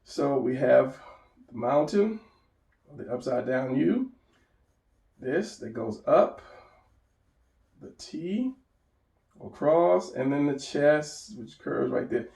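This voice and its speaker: A man with a gravelly voice walks through a drawing lesson without a script. He rambles and corrects himself while sketching. The sound is echoey, as if he sits some way from the mic in a bare room. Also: medium pitch, expressive, slow pace, long pauses, mellow, far from the mic. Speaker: drawing instructor. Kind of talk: unscripted drawing tutorial.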